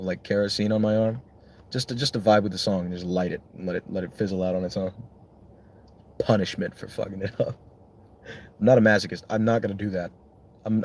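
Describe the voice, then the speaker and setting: A man's voice: lowish voice, darkish tone, a little hiss or hum. A young man, a songwriter, chatting casually and rambling on with lots of swearing and self-mocking jokes.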